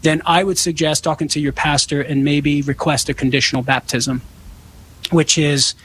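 Man, higher voice, earnest explainer, call-in radio answers, faint noise behind. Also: fairly even intonation, moderate pace, a bit bright, poor audio. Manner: earnest, explanatory, acts out example dialogue. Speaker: radio show guest expert answering callers.

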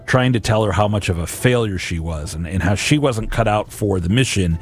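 A man in his forties giving an earnest devotional talk about scripture, often pausing and restarting his sentences. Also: lowish voice. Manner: earnest, halting, with many restarts. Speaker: Catholic speaker.

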